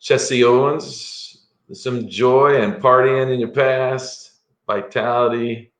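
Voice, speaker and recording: A man's voice: medium pitch, fairly even intonation, takes it slowly, a bit bright. A man doing a live-stream tarot reading as a psychic, chatty and rambling, with frequent chuckles. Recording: echoey room.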